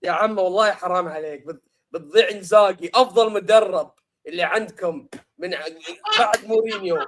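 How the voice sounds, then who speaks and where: A man with a high voice talks at a breakneck clip, teasing and exasperated as he banters about a football loss. He slips between English and his mid-sentence. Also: very fast, very noisy. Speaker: football show co-host. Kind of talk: casual banter mixing English and Arabic.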